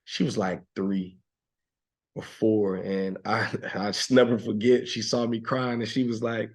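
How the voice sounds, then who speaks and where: A man in his thirties with a slightly low voice talks through a personal story as a podcast guest. His delivery is reflective and emotional, often dropping soft, with laughs breaking in. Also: steady tone, measured pace. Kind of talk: heartfelt conversational storytelling.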